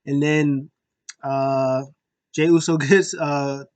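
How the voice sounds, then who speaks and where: A man casually recapping a wrestling show, animated and acting out the wrestlers' lines in quick impressions. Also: a little high, clear, resonant tone.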